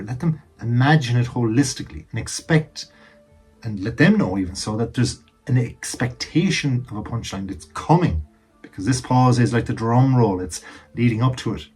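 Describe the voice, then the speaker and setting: A man's voice: medium pitch, moderate pace, a little mellow, slightly rough, soft background music. A man casually giving advice on telling jokes to camera, chatty and emphatic, dropping jokey asides while seated indoors.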